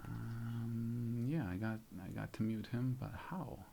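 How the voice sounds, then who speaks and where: A man's voice: medium pitch, steady tone, slow, creaky, warm tone, slight background noise. A man from Germany with a light German accent, hosting a casual live stream, thinking aloud as he fiddles with settings and reads out viewers' comments. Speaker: YouTube channel host.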